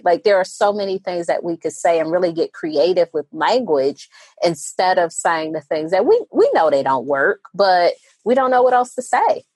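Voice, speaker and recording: A woman's voice: medium pitch, measured pace, dry recording. Therapist guest, woman, dry close mic; talks animatedly and slips into little voices when quoting people. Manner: animated, acts out quoted voices of others. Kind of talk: podcast interview conversation.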